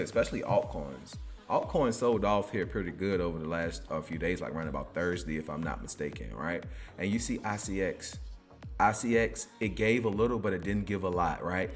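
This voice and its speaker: A man giving casual crypto chart commentary, chatty and loose, tagging nearly every line with a quick "right?". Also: low voice. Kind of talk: casual screen-share market commentary.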